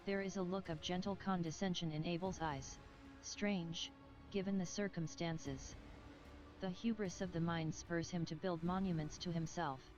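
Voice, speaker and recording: A woman narrates from a script in a game, her delivery solemn and measured, her pitch fairly low, her tone steady and somewhat dark. Faint music sits behind her, and the game audio is a bit muffled.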